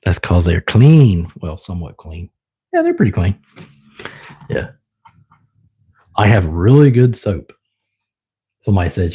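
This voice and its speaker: A man's voice: on the low side, big pitch swings, measured pace, pauses often, husky, lo-fi sound. A young man with a Southern US accent, chatting loosely with viewers on his own live stream, rambling with lots of fillers. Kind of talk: casual live stream chat.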